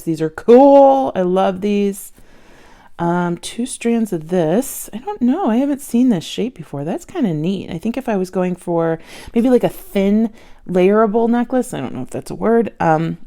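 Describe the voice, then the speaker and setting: A woman with a slightly low voice chats casually about her finds. She talks in an excitable, gushing way, thrilled with every piece she shows. The mood is relaxed and homey. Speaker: bead jewelry vlogger. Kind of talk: casual haul chat. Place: at home with her dog nearby.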